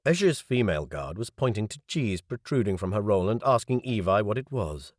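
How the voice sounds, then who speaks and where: A man's voice: fairly low pitch, very animated, moderate pace, no echo. A man narrating a novel in the first person, with wry, dry asides. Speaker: audiobook narrator.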